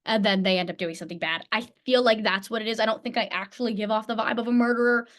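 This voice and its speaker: A young woman from New Jersey, an actor guest chatting casually in an interview, bubbly and quick to laugh. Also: a little high. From New Jersey, USA. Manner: bubbly, laughs often, lively quoted asides.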